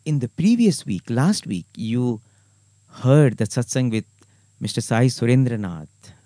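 A man hosting and announcing programs in an earnest, measured way. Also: mid-range voice, animated, warm tone, dry recording. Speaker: host.

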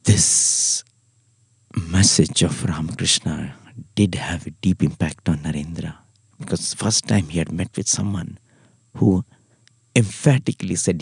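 Deep indian english guy telling a spiritual story, earnest, kinda husky, dry close sound. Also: measured pace, dry recording. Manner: earnest, storytelling, ends lines softly. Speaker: spiritual podcast host. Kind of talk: devotional talk.

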